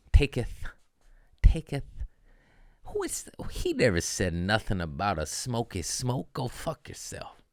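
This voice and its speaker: A man's voice: deep voice, a bit bright, clean tone, no room sound, studio quality. A man, a comedian hosting his podcast, telling a rambling, profane story in a wry, casual way.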